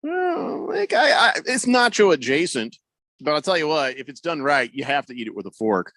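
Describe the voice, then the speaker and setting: Man, sports radio host, lively up-and-down delivery, dry close studio sound, casual banter, reads listener texts. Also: on the high side, no echo. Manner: reads listener texts aloud, quick asides and chuckles. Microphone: studio microphone.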